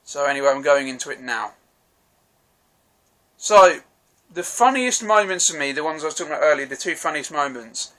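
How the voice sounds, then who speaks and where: A man's voice: fairly high pitch, animated, moderate pace, a bit bright. A man giving a casual, rambling film review, swearing freely and restarting his sentences.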